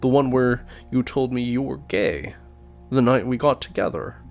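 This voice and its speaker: A man's voice: mid-range voice, moderate pace, creaky, soft background music, pitched above the performer's own voice, natural voice. A man voicing a regretful young man with an accent, hesitant and apologetic, in a story game. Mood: earnest.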